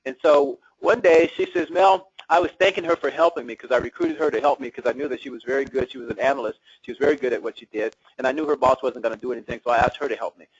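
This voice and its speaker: A man's voice: medium pitch, racing, hardly any pauses, slightly rough, no echo. A man leading a real estate seminar, chatting with the audience and asking them questions as he goes. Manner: conversational, asks the audience questions. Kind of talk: live seminar talk to an audience. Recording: dull lo-fi seminar recording.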